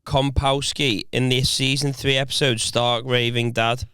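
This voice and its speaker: A man co-hosting a podcast, chatting loosely with friends. His voice is smooth and resonant, sitting mid-range. The sound is dry and close. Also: mid-range voice, little pitch movement, unhurried, bright, forceful tone, no echo. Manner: storytelling, reads from a search result aloud. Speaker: podcast co-host. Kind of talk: casual banter among friends.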